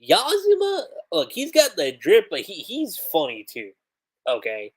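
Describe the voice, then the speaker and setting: Man, livestream reviewer, casual chat, lots of fillers, lively pitch. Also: a little slow, breathy edge. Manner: animated, with fillers and chuckles.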